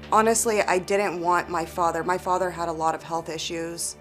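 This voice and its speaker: A young woman speaks in a fairly low voice, giving a halting, emotional testimony with pauses and the odd filler. A clear music bed plays under her words the whole time. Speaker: talk show guest. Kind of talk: taped personal testimony.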